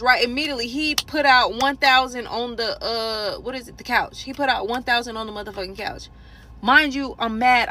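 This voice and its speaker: Woman, high bright voice, casual storytime rant, profane and animated. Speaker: storyteller vlogger. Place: parked car in a parking garage.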